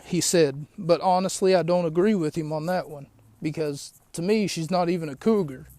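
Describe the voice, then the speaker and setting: A man's voice: a little high, moderate pace, mellow, no echo. A man hosting a podcast, recapping a show in a rambling, chatty way with lots of asides. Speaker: podcast host. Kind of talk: casual recap of a wrestling show.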